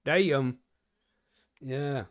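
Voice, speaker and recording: A man hosts a casual podcast chat and talks in a loose, swearing, joking way. His voice sits at a middle pitch. It is recorded close, with a dry sound. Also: drawn-out words, no echo. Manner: swearing, laid-back banter with frequent fillers. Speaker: podcast host.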